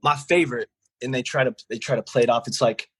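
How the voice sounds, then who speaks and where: Man, 30s, podcast co-host, husky slightly higher voice, dry close sound, lively storyteller. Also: quick pace, no room sound, poor audio. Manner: animated storyteller, acts out voices of staff and callers. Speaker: podcast co-host, restaurant manager. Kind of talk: casual chat.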